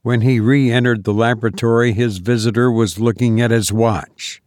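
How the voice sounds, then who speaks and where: A man reads a classic story aloud in a measured, expressive voice. His pitch sits in a middle range. The recording is close and dry. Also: dry recording. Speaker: narrator. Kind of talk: audiobook reading of a classic story.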